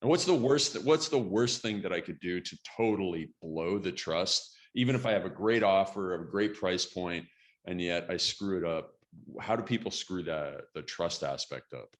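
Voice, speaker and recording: Male interview host, very low voice, conversational, quick to affirm. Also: expressive.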